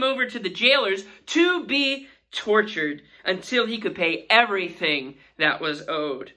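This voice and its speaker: A woman's voice: medium pitch, expressive, measured pace, few pauses, bright, forceful tone. A woman teaching a Sunday school Bible lesson in an earnest way, asking her listeners questions.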